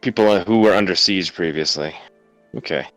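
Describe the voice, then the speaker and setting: A man playing a tabletop game, talking in a playful, hurried way. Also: low voice, a bit bright, no room sound, soft background music, low-quality recording. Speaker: player. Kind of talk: tabletop role-play banter.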